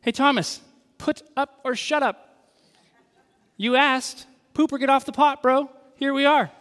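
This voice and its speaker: A man's voice: very high voice, steady tone, measured pace, a bit bright, pitched above the performer's own voice. A man voicing a brash, casual teacher who teases and challenges a friend. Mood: brash teasing. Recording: long reverb in a large hall.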